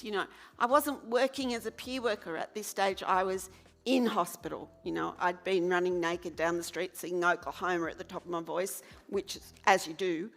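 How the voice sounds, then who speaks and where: A woman telling a frank, animated story to a live festival audience, laughing as she goes. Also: medium pitch. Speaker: festival speaker.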